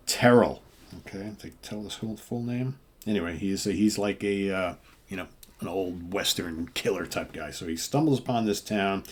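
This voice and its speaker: An older man co-hosting a comic book show, casually retelling the stories and acting out the characters' lines with lots of fillers. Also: deep voice. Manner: animated storyteller, acts out dialogue with filler words.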